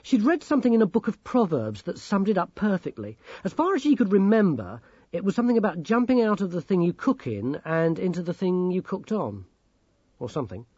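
Casting: male storybook narrator, husky, lively pitch, from a dull, dry recording. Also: no echo. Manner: measured, expressive reading. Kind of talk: audiobook narration.

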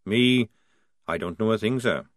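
A man voicing a wily, knowing army sergeant who talks in a gruff, conspiratorial way. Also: on the low side, a little slow, dry recording, studio quality, natural voice. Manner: gruff, conspiratorial, says sir a lot.

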